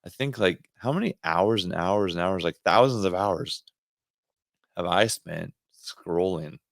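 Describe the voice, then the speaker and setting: A man's voice: sits low, measured pace, creaky, dry recording, clean studio sound. A Canadian man co-hosting a faith podcast, talking earnestly in a rambling, casual way with restarts. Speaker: podcast co-host.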